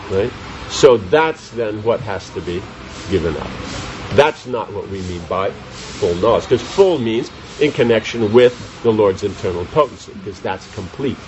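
A man's voice: medium pitch, a little mellow, a little hiss or hum. Guy giving a scripture class, keeps asking the room questions, kinda dull lo-fi sound. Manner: reads commentary then explains with rhetorical questions to the audience. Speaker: spiritual teacher.

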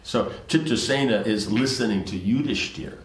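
A man's voice: fairly low pitch, normal speed. A man teaching, reading scripture aloud with commentary and rambling asides full of restarts. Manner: rambling, many restarts and "you know"s. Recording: roomy echo.

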